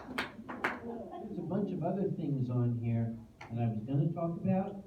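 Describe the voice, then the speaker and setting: A man's voice: fairly high pitch, unhurried, very noisy. Middle-aged man telling stories in an echoey hall. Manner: animated, acts out dialogue, deadpan asides. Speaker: convention guest speaker. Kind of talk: comic storytelling speech to a live audience. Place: convention room, in front of an audience. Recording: roomy distant dull hall audio.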